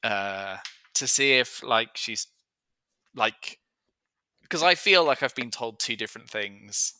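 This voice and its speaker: A man playing a tabletop game, chatty and unsure, thinking out loud. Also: medium pitch, lively intonation, takes it slowly, no echo. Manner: chatty, unsure, laughs easily. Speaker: player. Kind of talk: casual tabletop play.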